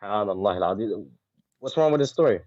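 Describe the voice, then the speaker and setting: A man's voice: fairly low pitch, expressive, quick pace, a little mellow. Brief: male caller, earnest, defensive, muffled lo-fi audio. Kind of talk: debate.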